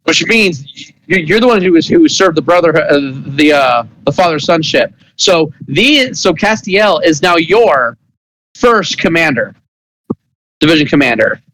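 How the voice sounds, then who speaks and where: A man's voice: a little high, lively intonation, a little slow, fairly bright tone, a little hiss or hum, rough recording. A man narrating as game master of a tabletop role-playing game, speaking casually with frequent hesitations and voicing the other characters.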